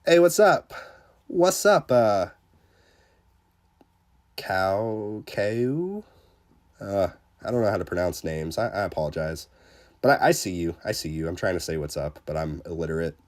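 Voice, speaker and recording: Man, lowish voice, live game streamer, chatty, filler-heavy, excitable, self-deprecating. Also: unhurried, long pauses. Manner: chatty, many fillers, greets chat viewers. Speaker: livestreamer. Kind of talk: casual live gameplay commentary.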